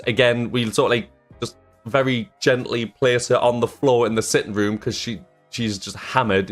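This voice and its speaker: A young man telling a story on his channel, rambling with lots of fillers and swearing. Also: medium pitch. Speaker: YouTuber. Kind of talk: casual storytime vlog. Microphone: desk microphone.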